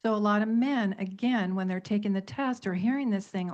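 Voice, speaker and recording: Middle-aged woman, radio guest author, emphatic storyteller who piles up lists, medium pitch, muffled lo-fi radio sound. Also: brisk, a little mellow. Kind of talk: radio talk show discussion. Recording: dull lo-fi radio audio.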